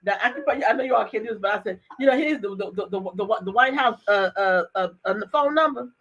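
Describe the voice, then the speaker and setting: Blunt laughing woman talk host, fast, cusses a lot. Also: medium pitch, fairly bright tone, muffled recording. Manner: blunt, laughing, curses freely. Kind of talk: casual chat.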